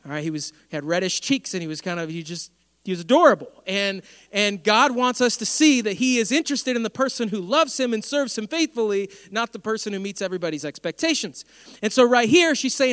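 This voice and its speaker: A man preaching a sermon, telling stories with lively humor. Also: extremely high pitch, fairly quick, clear, resonant tone, no room sound, clean studio sound, long reverb tail. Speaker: pastor.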